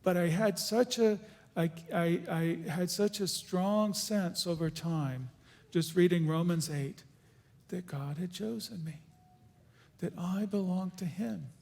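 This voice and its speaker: A man's voice: high-pitched, gravelly, a little mellow. Earnest man speaking in an echoey hall. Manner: earnest, halting, with restarts. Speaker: guest speaker. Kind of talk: conference Q&A testimony. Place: church auditorium.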